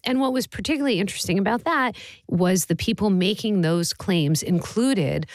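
A woman reporter explaining a story in a news podcast interview, measured and firm. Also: medium pitch, expressive, no echo.

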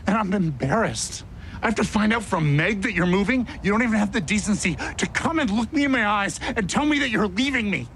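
A man's voice: high-pitched, lively intonation, fairly quick, fairly bright tone. An actor playing a hurt, angry male therapist in a TV drama scene, confronting his mentor. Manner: wounded, confrontational, voice rising and falling. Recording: clip with noisy background ambience.

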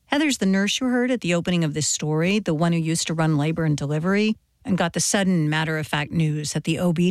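A woman reporter narrating a documentary story in a measured, plain way. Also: low-pitched, dry recording, clean studio sound. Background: soft guitar music.

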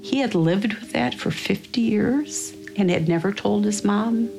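An older Minnesota woman tells a personal family story in an earnest, reflective way, stopping to think and voicing what others said. Her mid-range voice is expressive and creaky at a measured pace; the rough recording has a music bed beneath it.

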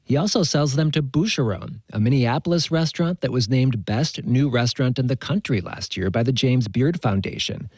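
Husky-voiced male radio reporter. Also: mid-range voice, expressive, moderate pace, hardly any pauses, a little mellow, no echo. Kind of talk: scripted news report.

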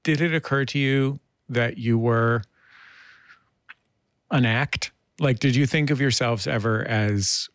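A male interview host asks his guest curious, easygoing questions. His pitch sits in an ordinary middle range. The recording is dry and close, with no echo. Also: measured pace. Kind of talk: radio interview.

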